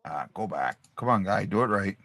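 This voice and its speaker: A man's voice: low-pitched, lively intonation, moderate pace, a bit bright, no echo, clean studio sound. A man hosting a casual hockey livestream, chatting to his viewers and repeating himself as he talks. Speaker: hockey podcast host.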